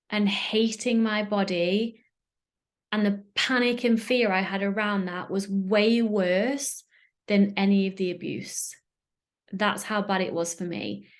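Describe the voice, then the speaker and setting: A woman with a British accent hosting a solo podcast, talking earnestly and emotionally, often searching for words. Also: mid-range voice. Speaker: podcast host. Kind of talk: candid solo podcast talk.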